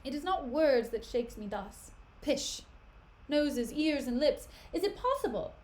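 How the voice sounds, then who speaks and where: Jealous tormented general guy as a woman reads him, choppy broken lines, higher voice. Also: sing-song, unhurried, darkish tone, echoey room. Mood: anguished.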